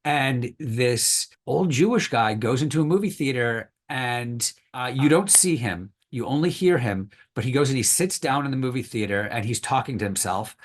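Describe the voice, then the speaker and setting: A man at an even, mid-range pitch explains history as a podcast guest. He talks thoughtfully and hedges often, with plenty of fillers. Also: moderate pace, hardly any pauses. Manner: thoughtful, hedging, many fillers. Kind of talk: podcast interview.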